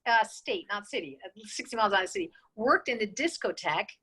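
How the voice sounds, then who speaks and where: A woman's voice: mid-range voice, expressive, fast, sharp tone, slightly rough, low-quality recording. A woman in her sixties, a guest in an interview, who tells her stories with energy and acts out the dialogue she quotes. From New York State. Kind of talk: casual storytelling interview.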